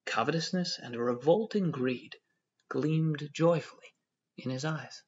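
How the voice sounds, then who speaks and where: A man narrating an audiobook in a steady, understated storytelling tone. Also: a little high, unhurried. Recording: dull lo-fi audio.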